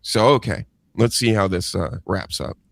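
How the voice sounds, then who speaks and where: A man hosting a podcast, talking in a profane, animated rant during casual chat. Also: on the low side, normal speed, vocal fry, dry recording, clean studio sound. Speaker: podcast host.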